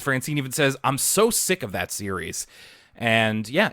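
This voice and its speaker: A man's voice: medium pitch, a bit bright, no echo, studio quality. A man co-hosting a podcast, recapping a cartoon episode in casual chat and laughing often. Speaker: podcast co-host.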